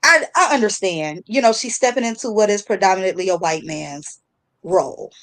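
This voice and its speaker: A woman hosting a casual chat show, telling a story in a lively, slangy way with frequent laughter. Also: medium pitch, normal speed. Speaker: host.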